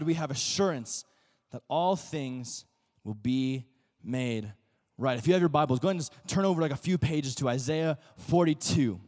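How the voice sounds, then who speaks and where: Pastor, male, slightly higher voice, relaxed filler-heavy preaching, calls the room to repeat after him, long hall reverb. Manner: conversational preaching full of "like" fillers and restarts; leads call-and-response with the congregation. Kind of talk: sermon.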